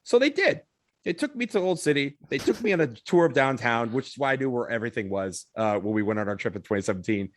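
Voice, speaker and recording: A man spinning a story on a podcast in a loose, animated way, now and then swearing. His voice sits at an ordinary middle pitch. The sound is close and dry, with no room around it. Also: quick pace, no room sound. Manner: animated, swears, acts out others' lines. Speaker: podcast co-host. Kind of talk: casual storytelling.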